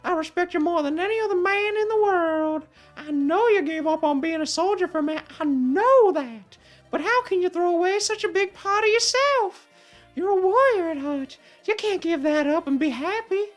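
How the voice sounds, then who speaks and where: A woman's voice: extremely high pitch, animated, normal speed, faint music behind, voice pushed up. A woman voicing an eager, boastful young male warrior in a video game. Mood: earnest. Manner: earnest, boastful.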